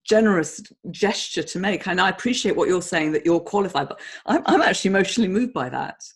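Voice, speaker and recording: A woman's voice: fairly low pitch, lively intonation, quick pace, slightly rough. A British woman hosting an interview podcast, openly emotional and effusive as she asks her questions. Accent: British English. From Britain. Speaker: podcast host. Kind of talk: conversational interview.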